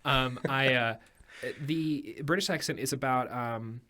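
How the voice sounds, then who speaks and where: A man guesting on a studio podcast, musing aloud with frequent ums and pauses. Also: mid-range voice, bright, forceful tone. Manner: thoughtful, hesitant, many ums. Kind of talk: casual chat. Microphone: studio microphone.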